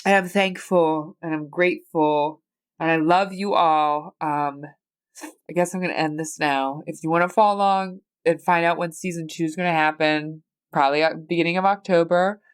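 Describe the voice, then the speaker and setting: A woman's voice: low-pitched, fairly even intonation, normal speed, clean tone. A woman in her thirties with an American accent hosting a solo podcast, talking candidly and rambling, teary with a stuffy nose. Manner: candid, rambling, swears casually. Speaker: podcast host. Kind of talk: personal solo podcast chat.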